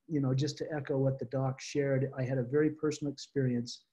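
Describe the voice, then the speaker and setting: A man telling a personal story to a support group, earnest and halting, often restarting his words over a video call. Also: mid-range voice, flat delivery, mellow. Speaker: guest speaker.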